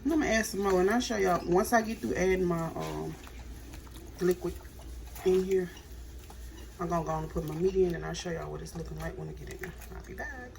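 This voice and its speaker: A woman's voice: lowish voice, a little fast, creaky, a little mellow. A woman filming a casual cooking vlog in her home kitchen, chatting with her viewers and calling them y'all as she cooks. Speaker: home cook vlogger. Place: home kitchen with frying on the stove. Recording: noisy kitchen recording. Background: sizzling pan and running tap.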